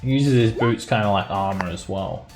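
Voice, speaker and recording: A man narrating as game master of a tabletop game, laughing often and filling pauses with "uh" and "like". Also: lowish voice, music in the background. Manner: laughs often while narrating, many fillers.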